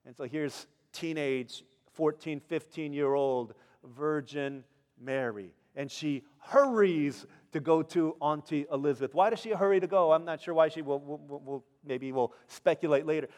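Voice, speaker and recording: A middle-aged male pastor preaching a sermon, telling stories in an animated way and acting out the people in them. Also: on the high side, in a large hall. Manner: animated storytelling, acts out characters.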